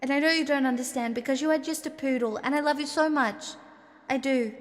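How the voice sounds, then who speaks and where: High-voiced Australian woman streaming. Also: fairly quick, long reverb tail. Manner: swears a lot and blurts out exasperated questions. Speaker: live streamer. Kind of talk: casual live-stream chat.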